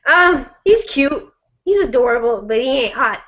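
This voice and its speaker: A young woman chats casually, laughing often and giving blunt, teasing opinions. Her voice sits high. The recording is dull and lo-fi. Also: big pitch swings, moderate pace, fairly bright tone. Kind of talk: casual chat.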